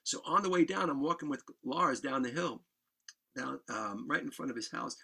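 A man guest on a podcast, telling a wild story in a casual, animated way, swearing and laughing as he goes. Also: mid-range voice, normal speed, vocal fry, slightly rough.

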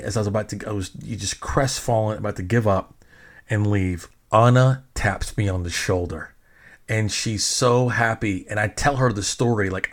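A middle-aged man casually telling a personal story in a rambling, self-mocking way, swearing freely. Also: lowish voice.

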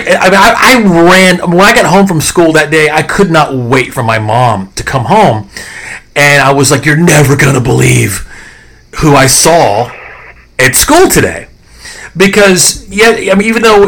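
A middle-aged man hosting a podcast, telling nostalgic stories in a rambling, animated way full of fillers and restarts. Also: high-pitched. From American South. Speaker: podcast host. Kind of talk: casual nostalgic storytelling.

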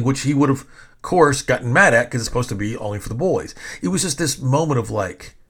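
A man's voice: medium pitch, expressive, brisk, fairly bright tone. A middle-aged man telling stories in a casual, rambling way, with lots of swearing, restarts and quoted voices. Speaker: storyteller recalling wrestling events. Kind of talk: casual storytelling.

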